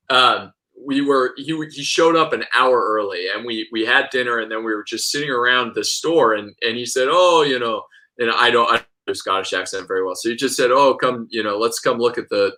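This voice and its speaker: A man with a bright, forceful voice tells stories with real enthusiasm. He talks casually, breaks into quick asides and restarts his sentences as he goes. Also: medium pitch, low-quality recording. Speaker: whiskey expert guest. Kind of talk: casual conversational interview.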